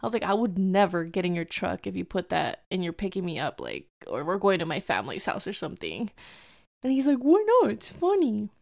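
A woman's voice: fairly low pitch, expressive, fast, vocal fry, few pauses. A woman in her thirties telling a casual story, full of filler words and acted-out quotes, with a few Spanish phrases dropped in. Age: 30s.

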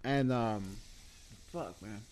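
A man's voice: medium pitch, takes it slowly, crowd noise. A man telling a story in casual chat, loose and profane, full of fillers and "bro".

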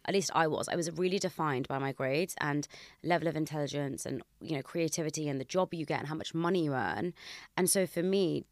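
A woman's voice: low voice, a little fast, dry recording, studio quality. A woman in her thirties hosting a podcast, talking in a reflective, self-questioning way in candid chat. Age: 30s. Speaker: podcast host.

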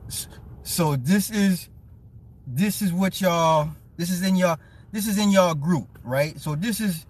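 This live-stream commentator has a high-sitting voice and speaks slowly. He rants casually to his live chat, mocking someone with teasing, profane, petty storytelling and frequent laughter.

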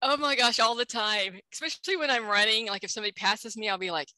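A woman's voice: on the high side, fast, pushed and bright, dry recording. A woman author appearing as a podcast guest, chatting in a giggly, easygoing way. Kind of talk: casual interview chat.

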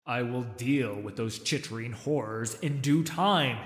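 A man's voice: medium pitch, unhurried, roomy sound, in a large hall, natural voice. A man voicing an ancient proud male star dragon who speaks in a purring, mocking way. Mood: purring scorn.

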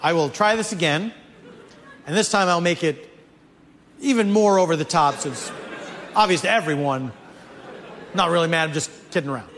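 A man, a comedian, telling a comic story in an animated way. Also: fairly high pitch, moderate pace, long pauses, in a large hall, some chatter behind. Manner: animated, building to mock-outraged shouts.

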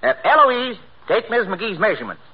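A man's voice: high voice, sing-song, moderate pace, husky, heavily acted. A man with a Midwestern American accent playing a folksy small-town tailor in a 1940s radio comedy. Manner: folksy, easygoing drawl. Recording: dull old radio recording.

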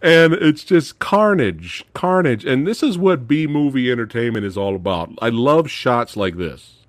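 A man hosting a casual film review chat, excitable and swearing freely, laughing often as he retells scenes. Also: medium pitch, measured pace. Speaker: podcast host reviewing films.

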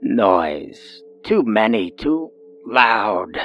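A man doing a raspy, slurring old mother. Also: lowish voice, big pitch swings, extremely slow, lo-fi sound, faint music behind, full character voice. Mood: eerie. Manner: slurred, fragmented, breathy murmuring. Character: failing old mother on a phone, woman.

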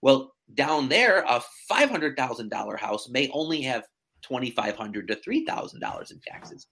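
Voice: mid-range voice, very animated, moderate pace, a bit bright, breathy edge. A real estate agent chatting casually as a podcast guest, telling stories animatedly with many fillers and restarts.

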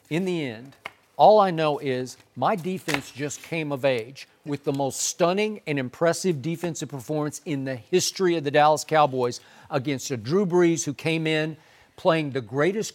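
A man's voice: a little high, normal speed. A man hosting a sports debate, arguing football in an emphatic, insistent way. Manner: emphatic, argumentative.

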